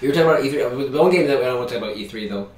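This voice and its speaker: A man's voice: medium pitch, expressive, rapid-fire, a little mellow. A young man co-hosting a casual podcast, laughing along with short replies. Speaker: podcast co-host. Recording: echoey room, distant mic, clear noise.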